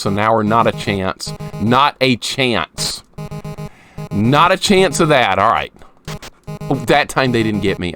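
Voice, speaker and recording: A man doing live gameplay commentary for his stream, chatting with viewers as he plays. His voice swings lively up and down, breaking into frustrated outbursts at the game. Faint music plays behind him. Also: medium pitch.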